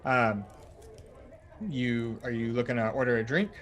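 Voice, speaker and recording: A man as dungeon master, narrating a tabletop game in a relaxed, rambling way full of fillers. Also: medium pitch, unhurried. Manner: relaxed, filler-heavy storytelling.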